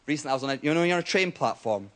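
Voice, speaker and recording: A young man doing stand-up comedy on a TV studio stage, telling stories with a lively, checking-in "right?" delivery. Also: on the high side, rapid-fire. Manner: animated storytelling, keeps asking "right?". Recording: loud audience laughter and noise.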